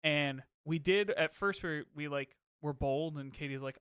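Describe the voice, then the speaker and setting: Smooth-voiced dad chatting on a podcast. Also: male voice, on the high side, unhurried, fairly bright tone, no echo, clean studio sound. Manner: chatty, self-deprecating, laughs easily. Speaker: podcast co-host. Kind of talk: casual chat.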